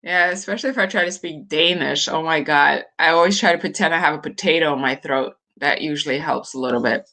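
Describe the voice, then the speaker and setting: A woman's voice: sits low, fast talker, bright, forceful tone. A woman in her forties from Norway, chatting casually and hesitantly with live viewers, laughing often. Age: 40s. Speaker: livestream host.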